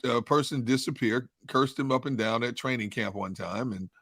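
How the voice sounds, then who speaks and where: A man with a Philadelphia accent speaks in a measured way on a sports talk show, his voice at a middle pitch. The sound is dry and close, with no room echo. He pauses often with ums and uhs. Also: a bit bright.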